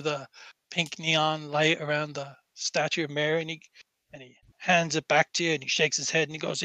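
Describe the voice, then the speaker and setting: A man's voice: on the high side, flat delivery, normal speed, sharp tone, no echo. A man narrating as game master for a tabletop game, rambling with many fillers and restarts.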